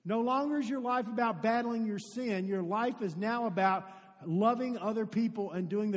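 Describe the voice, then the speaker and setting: A high-voiced man delivers a sermon in a church, preaching with earnest storytelling and turning to his congregation with direct questions. His voice rings out with a long hall reverb. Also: moderate pace, hardly any pauses. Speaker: pastor.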